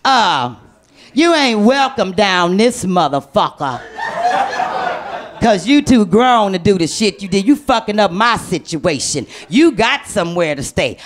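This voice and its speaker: A woman voicing her foul-mouthed, angry mother, scolding in a lower, slower voice. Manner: cussing, scolding, drawn-out lower voice.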